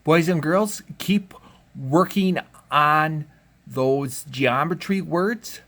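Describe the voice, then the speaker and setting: A man with a slightly high voice draws out his words while teaching a home learning video lesson. He keeps things casual and encouraging as he talks the children through the work and thinks aloud.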